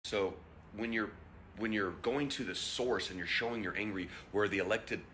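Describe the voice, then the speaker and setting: A man's voice: fairly low pitch, moderate pace, bright, forceful tone, slight background noise. A young man ranting heatedly to camera, blunt and profane, firing off rhetorical questions. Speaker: vlogger.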